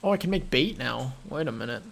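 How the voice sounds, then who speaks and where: A young man chatting through a video game on a close mic, joking and often breaking into giggles. His voice sits at a middling pitch. Faint hiss runs underneath. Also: expressive, a little fast, creaky, fairly bright tone. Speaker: gaming co-host. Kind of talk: casual gameplay commentary.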